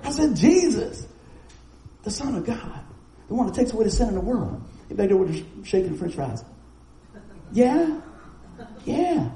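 A middle-aged man preaches a sermon in an animated, folksy style, full of stories and asides. His voice sits high but sounds dark and mellow. The sound carries the echo of a roomy church hall, with faint noise underneath. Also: brisk. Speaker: pastor.

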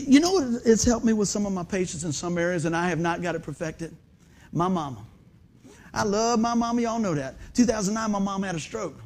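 A man, preaching a sermon in a church in a folksy, animated way and asking the crowd questions. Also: high-pitched. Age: 50s. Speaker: pastor. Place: church sanctuary under stage lights.

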